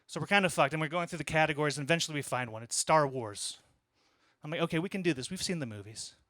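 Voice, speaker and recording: A man in his thirties telling a conversational story in a stand-up set, with deadpan asides. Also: on the high side, quick pace, no room sound, studio quality. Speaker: stand-up comedian. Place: small comedy club.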